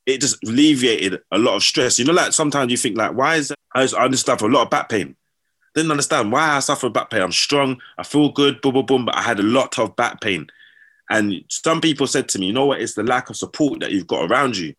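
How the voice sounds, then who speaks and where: A man's voice: mid-range voice, fast, slightly rough. A man telling stories in casual slang, acting out what people said. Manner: slangy, animated, acts out quotes. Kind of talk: casual storytelling.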